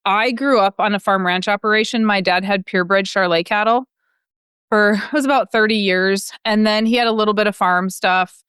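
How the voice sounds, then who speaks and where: A woman from the American Midwest talking in an animated, loud and emphatic way, as podcast host and interview guest. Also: medium pitch, a little fast, clean tone, dry recording, clean studio sound.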